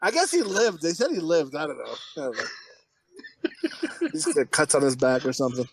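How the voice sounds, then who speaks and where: A man's voice: fairly high pitch, animated, a little fast, vocal fry, noisy background. A man co-hosting a podcast, telling crude stories in a rambling way, swearing and laughing often. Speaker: podcast co-host. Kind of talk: crude casual banter.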